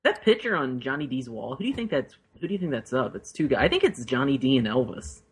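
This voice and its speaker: Wry husky man with a lively voice. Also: mid-range voice, fast talker. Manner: wry, teasing questions. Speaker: podcast co-host. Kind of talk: casual comedic chat.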